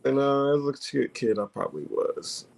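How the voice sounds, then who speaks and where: Casting: man with a gravelly edge, casual panel talk, hesitant, full of restarts. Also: mid-range voice, animated, darkish tone. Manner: halting, many fillers and restarts. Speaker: panelist discussing card readings. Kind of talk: casual group chat.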